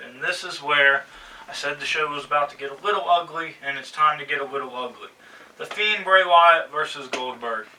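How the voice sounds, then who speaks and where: A man's voice: on the high side, bright, forceful tone, recorded from a distance, slight background noise, low-quality recording. A man hosting a wrestling review show, talking casually and growing exasperated as he rants. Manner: exasperated, ranting, sarcastic. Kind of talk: casual opinionated commentary.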